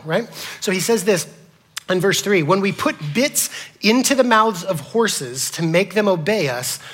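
Man, pastor's sermon, fairly high voice, animated, loud then whispered. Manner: asks the congregation questions.

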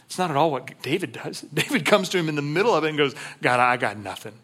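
Man preaching a sermon, bright forceful voice, slightly high, earnest, swings between hushed and raised. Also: quick pace. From Texas. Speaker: pastor.

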